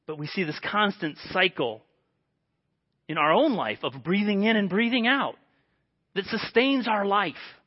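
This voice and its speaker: A man preaching a sermon in an earnest way, dropping to a hushed voice for quoted prayers. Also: sits high, animated, unhurried, muffled recording.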